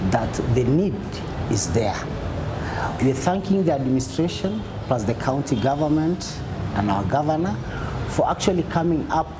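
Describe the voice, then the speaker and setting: A woman on the hospital staff, speaking slowly and deliberately about patient numbers. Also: low voice, very animated. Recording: noisy with passing vehicles.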